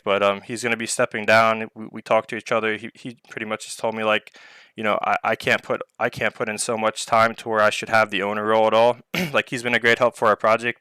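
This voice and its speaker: Man, community Q&A host, rambling with fillers, bright crisp voice, dry close sound. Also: on the low side, no room sound. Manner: rambling, heavy on filler words. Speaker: project owner hosting a community Q&A. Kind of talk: casual live voice-chat Q&A. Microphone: online voice chat mic.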